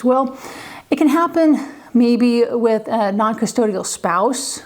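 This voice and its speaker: At a measured pace, a woman in her forties shares stories with the camera from her time teaching and raising kids. She's relaxed and chatty, her slightly high voice full of soft laughter and "you know"s, and she voices other people's lines with more animation.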